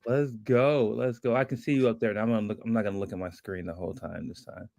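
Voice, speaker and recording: A man's voice: on the low side, steady tone, quick pace, vocal fry, dark tone, no room sound. A man co-hosting a casual developer live stream. He talks upbeat and greets viewers by name.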